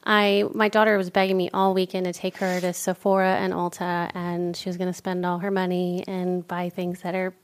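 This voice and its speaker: A woman's voice: fairly low pitch, moderate pace, few pauses. A middle-aged woman co-hosting a podcast, chatting casually and acting out the dialogue in her stories. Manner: animated storyteller acting out dialogue. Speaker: podcast co-host. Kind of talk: casual chat.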